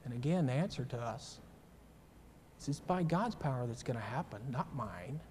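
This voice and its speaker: A man's voice: medium pitch, lively intonation, moderate pace, darkish tone, in a large hall, a little hiss or hum. A man teaching a church class in a sermon style, emphatic and full of rhetorical questions and personal asides.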